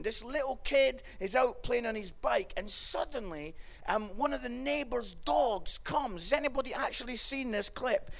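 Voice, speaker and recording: A man preaching a humorous sermon in a chatty way, often asking "yeah?" and acting out what people say. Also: fairly bright tone. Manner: acts out quoted voices, dropping low for the kids and listeners.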